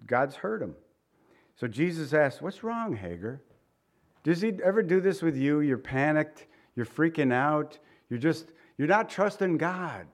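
A middle-aged male pastor with a somewhat high voice delivers a sermon. He talks to the congregation conversationally and keeps turning to them with rhetorical questions. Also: lively intonation, a little slow.

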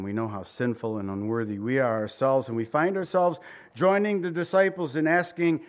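A male pastor preaching an expository sermon in a conversational, animated way, often asking his listeners questions. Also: medium pitch, brisk.

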